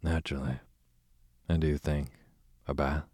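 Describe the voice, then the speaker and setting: A man's voice: a bass voice, little pitch movement, normal speed, a little mellow, no room sound. A man reading the part of a sardonic aristocratic duke in a bedtime audiobook, with a dry, sarcastic drawl.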